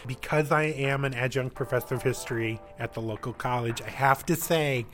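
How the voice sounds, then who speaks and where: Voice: mid-range voice, fairly even intonation, brisk, a bit bright, soft background music, close to an everyday voice. A performer playing an uptight, know-it-all woman professor who scolds her friends in an improvised comedy sketch. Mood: exasperated. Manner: exasperated, scolding.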